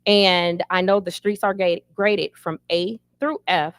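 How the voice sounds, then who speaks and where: A woman's voice: on the low side, steady tone, a little slow, dry recording. A middle-aged woman running for city council, answering an interview in a candid, emphatic storytelling manner.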